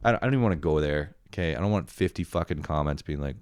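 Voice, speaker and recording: A young man with a very low voice hosts a solo comedy podcast. He rambles and swears, and he laughs at himself as he goes. The sound is dry and close to the mic. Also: fast, darkish tone, smooth, dry recording. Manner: rambling, profane, self-mocking, laughs often. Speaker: podcast host.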